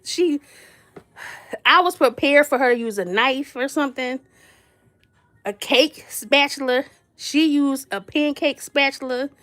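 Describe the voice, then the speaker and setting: A woman with a high voice tells a comic story from her own life. She talks in a chatty, slangy way, speaks straight to her listeners and breaks into laughter often as she teases. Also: unhurried, pauses often. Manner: animated, laughs often, playful roasting. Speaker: vlogger telling a story.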